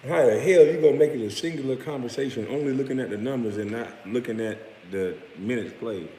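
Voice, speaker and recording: Late-30s man, ex-athlete, heated and profane rant, mid pitch, echoey room. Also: fast talker, warm tone. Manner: heated, profane, mocking, with scornful laughs. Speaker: former pro basketball player. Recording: echoey room with long reverb, faint noise.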